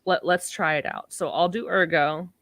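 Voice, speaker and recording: A woman's voice: on the low side, fairly even intonation, moderate pace, a bit bright. A woman co-hosting a podcast, recapping a TV episode in a chatty, filler-heavy way. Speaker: podcast co-host. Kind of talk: casual recap chat.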